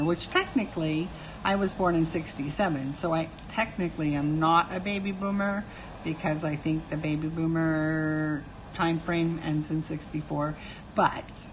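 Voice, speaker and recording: On a low-quality recording with some hiss or hum, a deep-voiced woman in her fifties chats casually on a live stream while drawing. She is talkative and self-mocking and laughs often.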